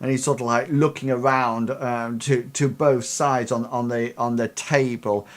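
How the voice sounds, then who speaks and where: A man's voice: medium pitch, fairly even intonation, unhurried. A man acting as game master for a tabletop role-playing game. He narrates the scene loosely, padding his sentences with ums and "sort of, like" as he goes. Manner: rambling, filler-heavy narration.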